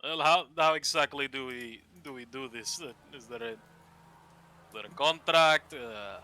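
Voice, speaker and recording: A man's voice: medium pitch, moderate pace, pushed and bright, rough recording. A man playing a tabletop role-playing game, talking in a hesitant, stammering way with sighs. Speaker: player. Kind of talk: casual tabletop role-play.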